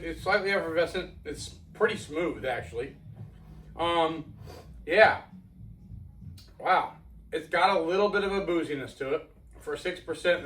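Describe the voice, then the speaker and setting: A man's voice: fairly high pitch, fairly bright tone, far from the mic, rough recording. A man from Florida, casually reviewing a beer outdoors at night in a rambling, folksy way.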